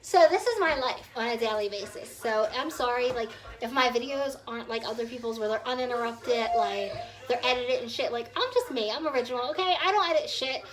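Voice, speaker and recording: A woman's voice: on the high side, a little fast, crowd noise, rough recording. A woman in her twenties telling a story in a casual vlog rant, rambling and swearing freely, with her small children around her at home. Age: 20s. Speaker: vlogger.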